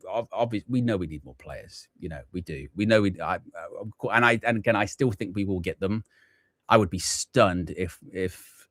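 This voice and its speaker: A man's voice: deep voice, a bit bright, no room sound, clean studio sound. A man hosting a live football fan watchalong, chatting and thinking aloud as he sets up his stream. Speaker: fan channel host.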